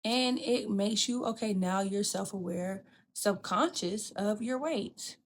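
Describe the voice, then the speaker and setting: Brief: woman podcast host, mid-pitched, blunt and profane, storytelling with acted-out quotes. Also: takes it slowly, slight background noise. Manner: frank and profane, addresses listener as "girl" and "bitch"; animated, acts out quoted people. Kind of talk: candid storytelling chat.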